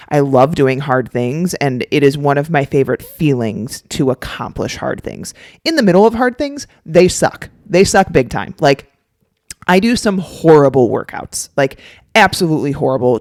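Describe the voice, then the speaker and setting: A woman's voice: rumbling low, no room sound, studio quality. A woman co-hosting a podcast in casual chat, rambling with fillers and restarts. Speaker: podcast co-host.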